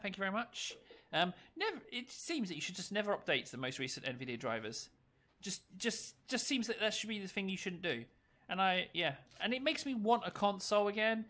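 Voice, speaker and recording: Chatty, animated male game commentator. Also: a little high. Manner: chatty, joking, self-mocking. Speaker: gaming video commentator. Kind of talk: casual gameplay commentary.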